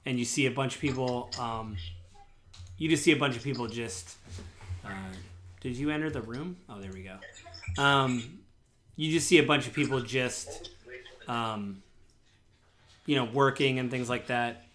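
Male game master, loose, rambling narration, average pitch, faint hiss behind. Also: measured pace, long pauses, fairly bright tone. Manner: loose, rambling with many fillers.

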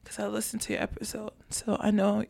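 A woman's voice: mid-range voice, monotone, gravelly, a little mellow. Frank woman guest. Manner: frank, reflective, a little halting. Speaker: podcast guest. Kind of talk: casual podcast chat.

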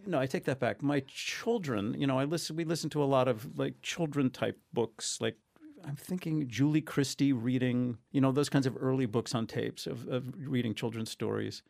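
Male audiobook narrator, gravelly, wry and self-deprecating, in an interview. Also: medium pitch, normal speed, a little mellow. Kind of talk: conversational interview.

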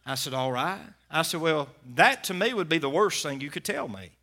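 Male pastor, folksy sermon storytelling, bright higher voice, loud to hushed. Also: animated, normal speed.

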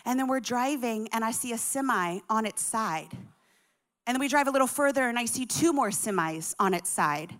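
Bright, high-voiced woman storyteller. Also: normal speed. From Colorado, USA. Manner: animated, chatty, full of acted-out quotes. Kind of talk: comic personal storytelling.

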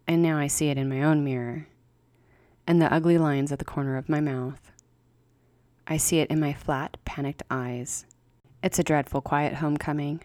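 A woman reads a horror story aloud, measured and unhurried, with deliberate pauses. Her voice sits low in pitch and sounds dry, with no room around it. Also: darkish tone, dry recording. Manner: measured, with slow dramatic pauses. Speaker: story reader.

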